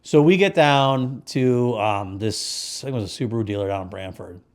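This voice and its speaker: A man with a Connecticut accent, co-hosting a podcast and telling stories in a casual, profane, animated way, acting out the people in them. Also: mid-range voice, moderate pace. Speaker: podcast co-host. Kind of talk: casual storytelling chat.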